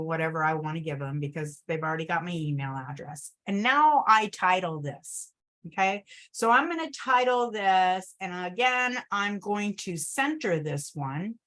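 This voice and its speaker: A woman's voice: on the low side, fairly bright tone. A woman teaching a screen-share tutorial at her desktop computer. She talks in a chatty way, keeps calling her viewers "you guys" and checks in with "okay?". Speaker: travel agent trainer.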